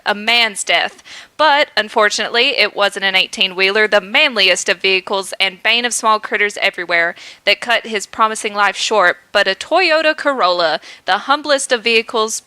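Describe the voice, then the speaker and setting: Bright-voiced woman reading fan fiction. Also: mid-range voice, clean tone, no echo. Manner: laughs and stumbles over words while reading. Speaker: podcast host.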